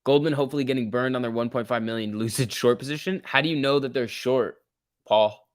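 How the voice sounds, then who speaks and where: A young man chats through a stock-market livestream, loose and excitable as he reacts to viewers. His voice sits at a middle pitch and sounds dry and close, with no room around it. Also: fairly quick, no echo. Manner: chatty, reads chat messages aloud, jumpy and excitable. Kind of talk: casual livestream commentary.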